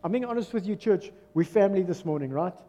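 A man with a South African accent preaching a sermon as pastor, swinging from loud exclamations to soft, low asides. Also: lively intonation, fast, in a large hall, lo-fi sound. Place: church hall.

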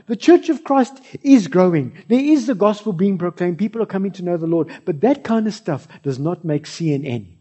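A man with a South African accent preaching a sermon, swinging between loud cries and soft low asides. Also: animated, moderate pace, few pauses, husky, muffled recording. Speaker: pastor.

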